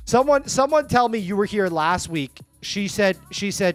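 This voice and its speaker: Brief: excitable male streamer, slightly high, lively delivery, faint music behind. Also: normal speed. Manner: excitable, stammering restarts. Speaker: live streamer. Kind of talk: casual live stream chat.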